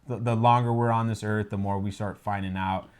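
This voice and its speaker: Male co-host, lowish voice, dry jokey asides, casual reaction talk. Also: steady tone, a little fast, a crowd in the background.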